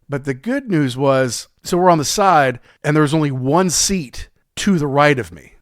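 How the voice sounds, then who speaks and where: A middle-aged man co-hosting a podcast, telling a concert story in animated, anecdotal chat. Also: a little high, moderate pace, few pauses, no echo, clean studio sound. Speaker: podcast co-host. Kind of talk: casual chat.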